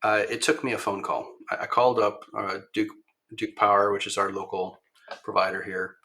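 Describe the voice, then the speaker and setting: A man talking as a podcast guest in casual storytelling style, rambling with many ums and restarts and turning animated when he quotes other people. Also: on the low side, moderate pace. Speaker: podcast guest, machine shop owner.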